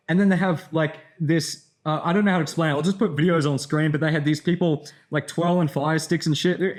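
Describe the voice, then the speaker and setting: Tired young man telling a rambling story. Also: a little high. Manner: rambling, frequent fillers and swearing. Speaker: content creator. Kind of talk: casual storytelling vlog.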